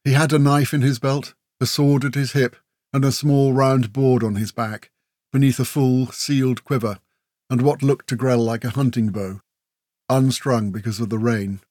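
Reading scripted narration, this audiobook narrator tells a fantasy tale at a moderate pace and medium pitch, keeping his emphasis steady and vivid. The audio is dry and of studio quality.

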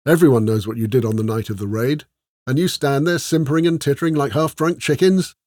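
A bossy, exasperated young noblewoman from an audiobook, as a male narrator puts her on. Her voice sits well above his usual pitch and comes out loud and emphatic. The recording is dry and close, with no room sound. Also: brisk, dry recording, lightly acted. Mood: scolding. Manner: scolding, emphatic and raised in pitch.

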